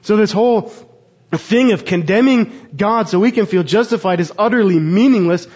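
A pastor in his thirties preaches in a notably high voice, pressing his listeners with earnest rhetorical questions. The recording sounds a little dull and muffled. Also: normal speed, a little mellow, husky. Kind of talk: sermon.

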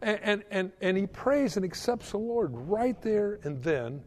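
Guy preaching in a church, kinda high voice, lots of repeated words and restarts, big echoey hall. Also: very animated, unhurried, darkish tone. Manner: stammering restarts, storytelling, rising emphasis. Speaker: pastor. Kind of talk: sermon with storytelling.

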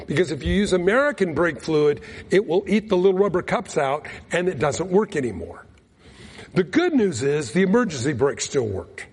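A pastor tells a mission story from the pulpit in an animated, folksy way. His voice is high and swings widely in pitch, with a husky edge. It carries the long reverb of a large hall. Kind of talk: storytelling sermon.

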